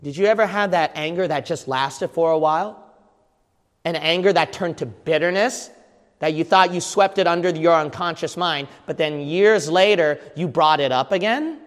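A man preaching a sermon, hammering his points home with repetition and breaking into sudden loud bursts. His voice sits fairly high for a man. It rings out with a long reverb in a church hall. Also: moderate pace. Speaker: pastor.

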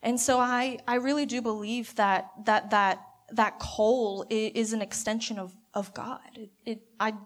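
A woman giving a halting, imaginative reflection at a church gathering, with many restarts. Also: medium pitch. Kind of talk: sermon reflection.

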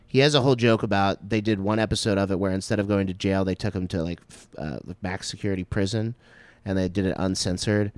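A man in his late twenties from North Texas, with a lowish voice, hosts a loose podcast. He rambles through crude, profane stories stuffed with "like." The sound is dry and close. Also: steady tone, quick pace, dry recording. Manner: crude, rambling storyteller full of "like". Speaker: podcast host. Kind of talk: casual podcast chat.

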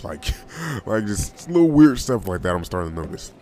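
A man's voice: sits low, sing-song, moderate pace, darkish tone. A young man hosting a casual solo podcast, talking in a loose, rambling, slangy way and often repeating himself. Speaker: podcast host.

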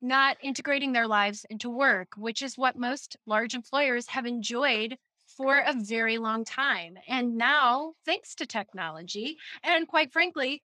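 A woman co-hosting a podcast, talking in a lively, chatty way with frequent laughter and quick asides. Her voice is bright and a little high, and the sound is close and dry. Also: no echo. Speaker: podcast co-host. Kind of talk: casual chat.

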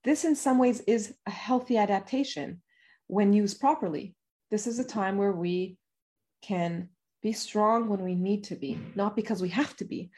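A woman with a medium-pitched voice speaks gently and soothingly to parents. Her guidance is calm and reflective, with short pauses as she settles her thoughts. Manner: gentle, soothing, pausing to feel her emotions. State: emotional.

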